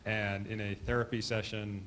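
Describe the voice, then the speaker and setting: Hesitant low-voiced male student. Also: level tone, normal speed, a bit bright, a little hiss or hum. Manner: hesitant, searching for words, restarts. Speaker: student asking a question. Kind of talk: workshop Q&A question.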